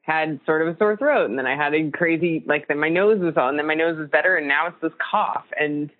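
A woman's voice: low voice, fairly quick. A woman co-hosting a casual talk show, rambling loosely with many fillers. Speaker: co-host. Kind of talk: casual chat. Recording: tinny phone line.

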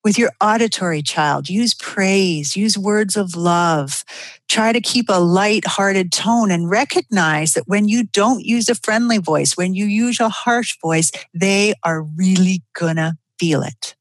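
A woman's voice: mid-range voice, a little slow, no echo. A woman giving an earnest, conversational explanation, walking through everyday examples step by step. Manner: acts out quoted lines in changed voices. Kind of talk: explanatory solo talk.

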